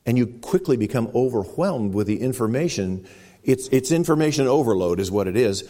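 A man preaching a sermon, retelling a story dramatically, with sudden loud exclamations and quiet, hushed stretches. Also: mid-range voice, lively intonation, brisk. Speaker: pastor.

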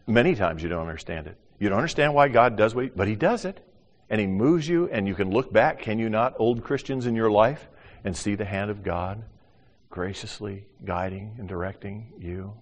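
An older man preaching a sermon as pastor, animated, acting out little voices and swinging from loud to hushed. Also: fairly low pitch, moderate pace. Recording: long hall reverb.

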